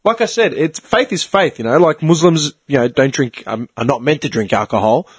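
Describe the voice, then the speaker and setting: Aussie bloke on a podcast, lively pitch, a bit husky, swears a lot. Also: male voice, brisk, no room sound. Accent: Australian. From Australia. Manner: swearing, animated, laughs often. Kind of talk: casual chat.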